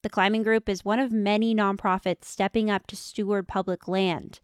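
A woman reporter narrating a scripted radio feature story in a bright, storytelling way. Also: medium pitch, level tone, normal speed, clear, resonant tone, no echo.

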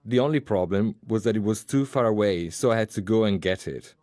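A man reading a translated voice-over in a plain, steady way. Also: fairly low pitch, fairly quick, no echo, clean studio sound.

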